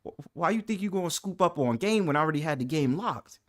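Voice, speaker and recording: A man's voice: a little high, expressive. A man with a New York accent hosting a live stream, teasing his guest in casual banter with frequent laughs. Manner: playful, teasing, quick to laugh.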